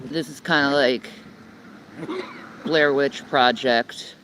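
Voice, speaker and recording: A woman's voice: rumbling low, steady tone, slow, a bit bright, a little hiss or hum. Foul-mouthed woman ranting into her phone. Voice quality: heavy swearing, blunt and combative. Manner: rambling, repeats herself. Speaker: livestreamer. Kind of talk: homeless livestream rant. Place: outdoors under a building in the cold. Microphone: phone held by the speaker.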